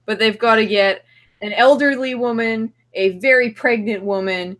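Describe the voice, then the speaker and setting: A woman's voice: fairly high pitch, moderate pace, a bit bright. A woman co-hosting a casual movie review podcast, laughing often and swearing freely as she retells a plot. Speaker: podcast co-host.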